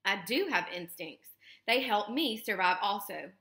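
A woman reading the part of a calm, polite female robot who speaks formally without contractions. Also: medium pitch, a little slow. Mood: steady. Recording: roomy echo.

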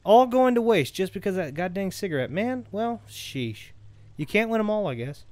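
A man with a notably high voice talks through a video game in a rambling, excitable way. He jokes, trails off and restarts his thoughts as he plays. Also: moderate pace, no echo. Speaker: gameplay commentator. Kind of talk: casual let's-play commentary.

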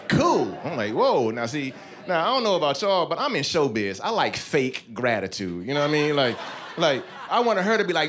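A man's voice: a little high, big pitch swings, measured pace, long pauses, crowd noise. A man in his thirties doing a stand-up comedy routine on a club stage, telling a story with voiced asides. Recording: club stage mic with audience noise.

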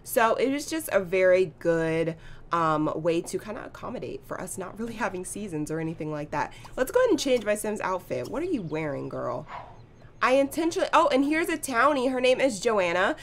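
Woman gamer host, casual play-along chatter, swoops up and down a lot, excitable. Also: medium pitch, brisk, a little hiss or hum. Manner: chatty, excitable, gasps and laughs at the action. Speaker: gaming channel host. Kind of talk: casual let's-play commentary.

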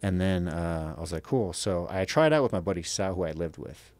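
Deep-voiced guy in his 30s swearing his way through a fight story, dry close sound. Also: brisk, dry recording. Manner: profane, animated storytelling with acted-out quotes. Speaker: guest, MMA fighter. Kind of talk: casual podcast storytelling.

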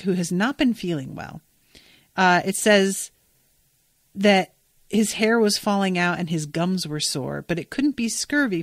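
A woman's voice: lowish voice, fairly bright tone, no echo, clean studio sound. A woman hosting a podcast, recapping a book in a chatty way and swearing freely. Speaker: podcast host.

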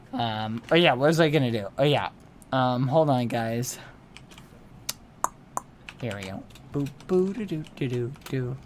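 A young man streams a game and chats at an unhurried pace, playful and doting. He breaks into little sing-song tunes and coos at his pets in baby talk. A faint hiss sits under his desk mic. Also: medium pitch. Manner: playful and doting, hums and sings little made-up songs. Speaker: livestreamer. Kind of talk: casual live-stream chat while gaming.

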